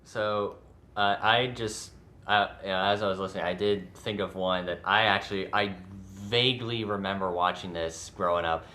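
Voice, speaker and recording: A man's voice: low-pitched, fairly even intonation, normal speed, bright, forceful tone. A man co-hosting a podcast in casual chat, rambling a bit as he reads out a show premise. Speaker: podcast co-host.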